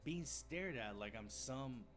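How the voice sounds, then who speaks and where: A man's voice: medium pitch, animated, slow, a bit bright. A man voicing an earnest, somewhat nervous young defense attorney in a fan-made game. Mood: uneasy. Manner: nervous, grumbling. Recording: game audio with music behind.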